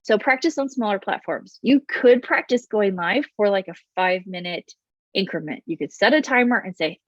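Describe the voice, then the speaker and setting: Her casual to-camera advice as a business coach comes across as easy and chatty, delivered in a loud, fast, animated way as she talks with her hands. She has a mid-range voice, and the dry recording sounds a little dull and lo-fi.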